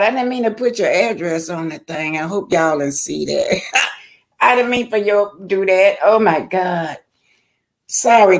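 An older woman, hosting a casual livestream, chatting and greeting viewers by name in a loose, rambling way. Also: medium pitch. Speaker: YouTube livestream host.

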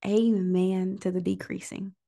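Woman, devotional preaching, emotional, near tears, frequent pauses, mid-pitched, vocal fry. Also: little pitch movement, dark tone. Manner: pausing often to listen and think. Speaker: host of a prayer call livestream. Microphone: livestream microphone.

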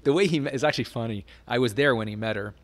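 A middle-aged man talks in a relaxed, rambling way as an interview guest, full of "like" and "um" and often breaking into a laugh. His voice sits in an ordinary male pitch. He sounds casual and candid. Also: very fast.

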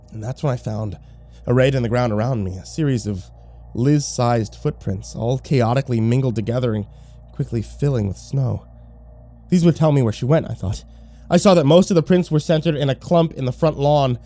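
A man narrating a scripted horror story with dramatic storytelling. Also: medium pitch. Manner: dramatic storytelling, loud shouts for his own character.

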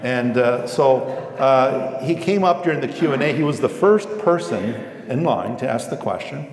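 A man's voice: medium pitch, lively intonation, moderate pace. Lecturing man in an echoey hall. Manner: anecdotal, emphatic, acts out dialogue. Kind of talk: lecture with storytelling.

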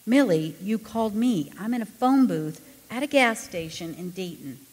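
A woman's voice: mid-range voice, animated, moderate pace, a little mellow, in a large hall, pitched above the performer's own voice, natural voice. A woman reading aloud and voicing a startled, amused man who has answered a ringing payphone. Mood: bemused.

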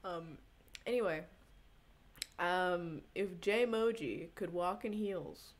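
A woman's voice: fairly low pitch, slow. A young woman streaming casually, rambling, giggling often and swearing a lot as she chats to viewers. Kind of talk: casual live-stream chat.

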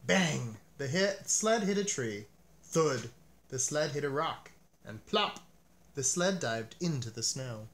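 A man reading a children's picture book aloud as narrator, with an expressive, animated delivery. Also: medium pitch, takes it slowly.

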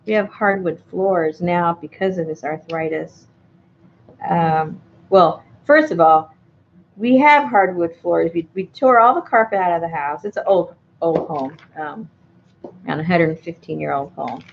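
A woman's voice: lowish voice, unhurried, vocal fry, dull audio, a little hiss or hum. A middle-aged woman chatting casually while crafting, rambling through asides and laughing often. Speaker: crafting vlogger.

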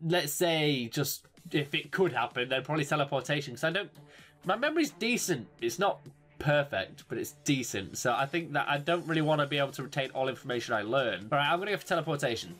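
A young man from England with an English accent, chatting casually and jokily to camera as a YouTuber, rambling and quick to exclaim. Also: on the high side, lively intonation, fairly bright tone, faint music behind. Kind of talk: casual solo commentary. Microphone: desk microphone.

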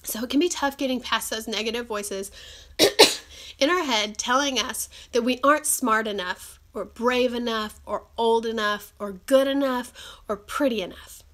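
A woman's slightly high, sharp-toned voice hosts a live stream via phone or webcam. Though she has a cold, she talks earnestly and chattily, with many fillers, in an encouraging manner.

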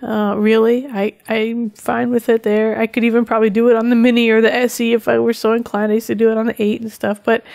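A woman's voice: on the high side, darkish tone, no echo, studio quality. A woman co-hosting a tech podcast who chats casually, rambles and laughs often. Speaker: podcast co-host. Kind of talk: casual chat.

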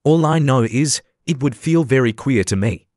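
A man's voice: mid-range voice, animated, moderate pace, darkish tone, dry recording, clean studio sound, lightly acted. A man voicing a polite, shy young girl, reading her earnest lines in an audiobook.

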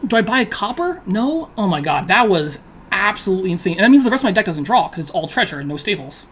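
A woman thinking aloud as she plays an online card game, muttering her options, then pleading, swearing and laughing loudly at the draws. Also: medium pitch, big pitch swings, quick pace, a little hiss or hum. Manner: talks to herself, swings from quiet musing to loud laughing outbursts.

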